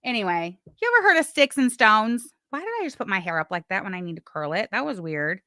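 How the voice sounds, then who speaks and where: A woman's voice: mid-range voice, very animated, brisk, sharp tone, no room sound, studio quality. A woman hosting a casual livestream, chatting and reading messages with sarcastic asides. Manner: chatty, sarcastic, talks to chat while doing other things. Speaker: livestream host.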